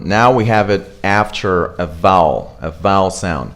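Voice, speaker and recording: Slow-talking male pronunciation teacher. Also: fairly low pitch. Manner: relaxed, repeats example words slowly with fillers and small laughs. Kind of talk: online accent lesson.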